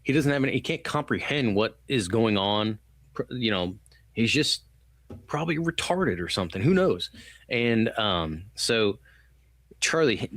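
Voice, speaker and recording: A man's voice: fairly low pitch, animated, measured pace, fairly bright tone, no room sound. A man co-hosting a podcast, talking loosely and with swearing in a casual movie review chat, acting out quotes as he goes. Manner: rambling, loose and profane, acts out quotes. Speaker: podcast co-host.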